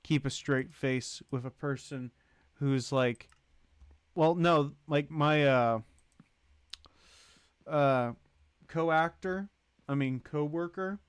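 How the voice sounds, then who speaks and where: Greeting and thanking people in his chat, a livestream host rambles casually. His voice is fairly high and clean, with no echo.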